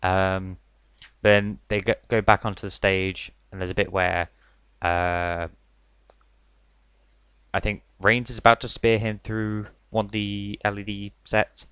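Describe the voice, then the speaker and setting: A man's voice: lowish voice, steady tone, takes it slowly, pauses often, a bit bright, clean tone, no echo. A young man reviewing a wrestling event in a casual, rambling way, full of "like" and "literally". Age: young adult. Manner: chatty, filler-heavy, says "like" and "literally" a lot.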